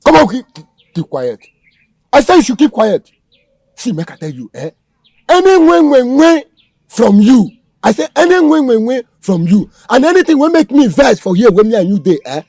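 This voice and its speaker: A violent, contemptuous kidnapper, played by a man, snarling threats in Nigerian Pidgin English. His voice is high and husky and leaps around in pitch. The sound is dry and close. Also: very animated, brisk, a little mellow, no echo, exaggerated voice. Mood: threatening. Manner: threatening, barking orders, Pidgin slang. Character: menacing male kidnapper thug, violent and contemptuous. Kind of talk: Nollywood film acting.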